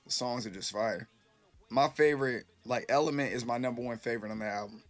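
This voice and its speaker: A man's voice: mid-range voice, a little fast, faint music behind. A man casually chatting with his live-stream viewers, rambling loosely and swearing freely, a little tipsy.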